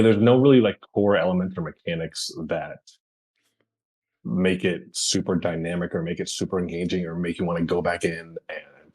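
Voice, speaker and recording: A man co-hosting a podcast, talking in a relaxed, rambling way with lots of fillers. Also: low-pitched, slightly rough. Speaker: podcast co-host. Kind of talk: casual chat.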